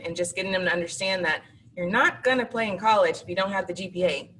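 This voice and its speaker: A woman tells classroom stories as a guest on an interview show, chatty and lively, and she voices her students as she goes. Her tone is bright and forward. She sits back from the mic, and a faint hiss of noise runs under her voice. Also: fairly low pitch, brisk, far from the mic, rough recording. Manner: chatty anecdotal, acts out students. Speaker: teacher guest. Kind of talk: interview storytelling.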